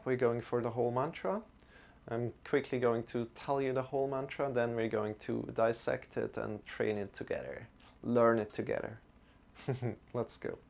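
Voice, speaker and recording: A man teaching a yoga and mantra lesson in a gentle, encouraging way, often restarting his words. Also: mid-range voice, gravelly.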